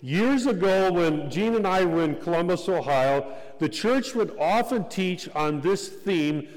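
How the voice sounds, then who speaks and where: Slow-preaching man in a reverberant hall. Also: high-pitched, animated. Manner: measured, deliberate preaching with repeated phrases. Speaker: pastor. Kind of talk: sermon.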